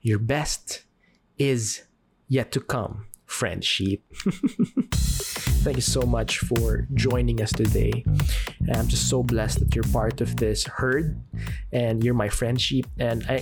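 A man hosting a podcast, giving an earnest, encouraging faith talk with dramatic pauses. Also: mid-range voice, gravelly. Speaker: podcast host.

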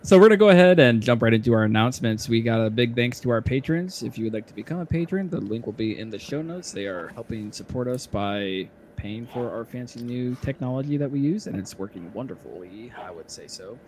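A man hosting a casual podcast, speaking at an ordinary, middle pitch. He keeps things loose and chatty, laughing often and filling gaps with "um" and quick restarts. A faint hiss sits under the voice. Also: expressive, a little mellow. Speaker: podcast host.

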